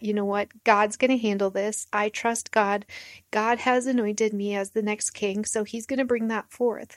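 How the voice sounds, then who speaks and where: A woman's voice: mid-range voice, darkish tone, no room sound. Woman teaching a dry Bible study. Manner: plain, reflective explaining with repetition. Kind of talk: Bible study reading and commentary.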